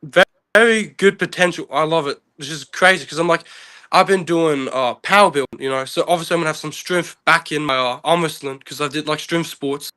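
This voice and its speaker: A man's voice: a little high, a little fast, bright, forceful tone. A young man, an arm wrestler guest, talking in a rambling, casual, self-deprecating way. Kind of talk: casual chat.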